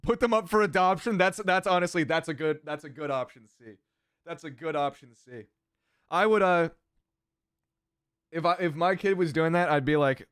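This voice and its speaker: A man's voice: a little high, normal speed, fairly bright tone, clean tone, no echo, studio quality. A man casually reading chat on his livestream, sardonic and crass, swearing freely.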